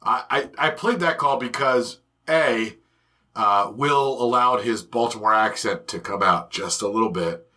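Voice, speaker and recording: A man's voice: medium pitch, measured pace. A man co-hosting a sports podcast who chats casually and cracks jokes. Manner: animated, joking. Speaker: podcast co-host. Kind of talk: casual chat.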